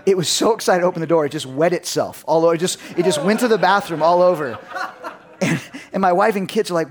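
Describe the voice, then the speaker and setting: A middle-aged man preaching a sermon as a pastor, telling lively personal stories and acting out his family's voices. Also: high voice, a little fast, background noise. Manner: animated storytelling, acts out his family's voices.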